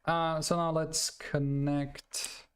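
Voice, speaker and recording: A man's voice: on the high side, level tone, extremely slow, clear, resonant tone. A man streaming a city-building game, chatting casually as he plays, rambling and correcting himself with little laughs. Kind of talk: casual gameplay commentary.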